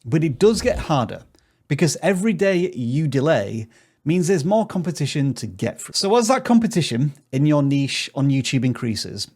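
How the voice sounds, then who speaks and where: A man's voice: medium pitch, a little mellow. A man hosting a scripted tutorial on growing a YouTube channel, giving direct advice in an upbeat tone with the odd joke. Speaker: YouTube growth tutorial host.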